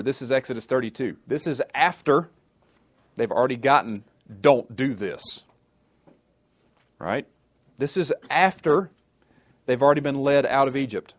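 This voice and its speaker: A man teaching a sermon in a conversational way, often checking in with his listeners and adding sarcastic asides. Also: medium pitch. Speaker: Bible teacher.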